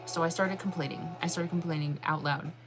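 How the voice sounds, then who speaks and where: A young woman telling a story in a casual, animated way, acting out her own reactions in a higher voice and laughing often. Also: fairly quick, music in the background. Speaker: channel host.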